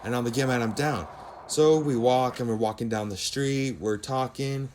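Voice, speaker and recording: A man's voice: mid-range voice, moderate pace, a little mellow, slight background noise. Chatty teen guy telling a story. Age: teens. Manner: rambling, filler-heavy retelling with quoted dialogue. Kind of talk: casual storytime narration over gameplay.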